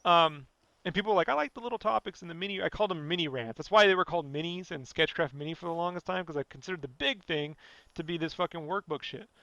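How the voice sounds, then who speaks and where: A man's voice: on the high side, fast talker, sharp tone, dry recording, lo-fi sound. Blunt, profane man ranting on a podcast. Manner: blunt, profane, rambling, fillers like "you know". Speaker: podcast host. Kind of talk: casual podcast rant.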